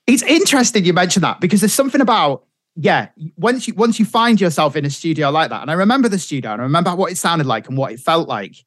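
A man's voice: on the high side, lively intonation, fast talker, fairly bright tone, dry recording, studio quality. A middle-aged man, a radio presenter telling stories in a casual interview and acting out the voices of people he quotes. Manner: chatty storyteller, acts out quotes.

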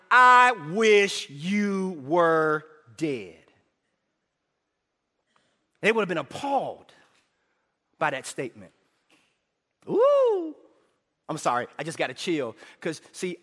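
A middle-aged man preaching a sermon in a church, animated, shouting for emphasis and prompting the congregation to call back. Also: very high-pitched. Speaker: pastor. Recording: echoey hall reverb.

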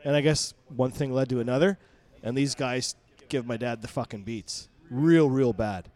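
A man co-hosting a podcast, telling a profane, animated family story in casual chat. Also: mid-range voice, moderate pace. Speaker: podcast co-host.

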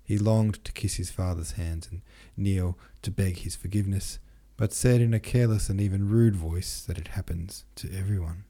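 A man narrating a classic novel in a measured reading. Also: sits low, steady tone, mellow. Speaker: podcast host, reader. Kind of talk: scripted narration.

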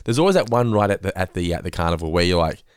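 Man, podcast host, quick lively rambling chat, slightly low voice, dry close mic. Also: smooth, dry recording. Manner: rambling, repeats words, animated.

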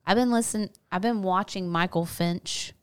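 A woman's voice: medium pitch, normal speed, clean tone. A woman co-hosting a podcast, teasing and laughing often in casual banter. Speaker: podcast co-host.

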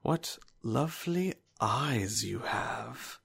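A man voicing a menacing older male swordsman who talks in a slow, soft, condescending drawl. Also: mid-range voice, animated, vocal fry, breathy edge, exaggerated voice. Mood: mocking.

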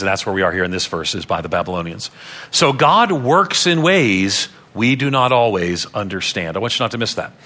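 A man's voice: mid-range voice, sharp tone. A man preaching a sermon as a pastor, from Long Island, earnestly teaching and repeating key phrases for emphasis. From Long Island, New York.

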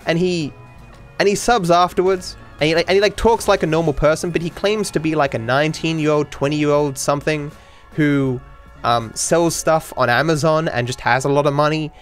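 Rambling male podcast host, slightly high voice. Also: fairly even intonation, moderate pace, soft background music. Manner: rambling, frequent restarts and casual swearing. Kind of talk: casual storytelling monologue.

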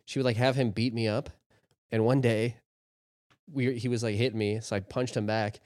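A man's voice: mid-range voice, steady tone, normal speed, darkish tone, no echo. A man, a podcast co-host, telling a crude, joking story in casual chat.

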